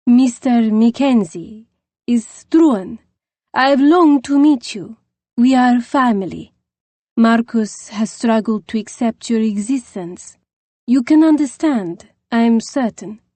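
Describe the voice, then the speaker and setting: A woman's voice: on the high side, animated, takes it slowly, mellow, no echo, pitched above the performer's own voice. A woman voicing an emotional, foreign-born dowager mother with a rolling accent and an effusive, pleading way of talking. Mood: tender.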